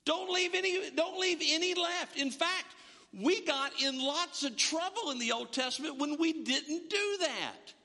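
A man's voice: very high voice, normal speed, pushed and bright, in a large hall. A man preaching a sermon to a congregation, emphatic and often repeating words as he builds a point. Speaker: pastor.

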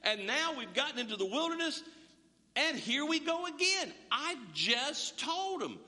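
A man's voice: very high-pitched, sing-song, measured pace, pushed and bright, voice pushed up, heavily acted. A man voicing God as an exasperated figure complaining about his people in a rambling, fed-up way. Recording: long echo of a large hall.

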